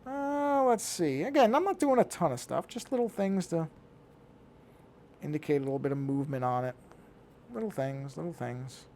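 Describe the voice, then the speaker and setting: A man's voice: on the high side, expressive, normal speed, pauses often, a little mellow, slight background noise. A middle-aged man talking casually to himself as he works on a digital drawing, muttering and thinking aloud. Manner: talks to himself while working, muttering. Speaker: digital artist.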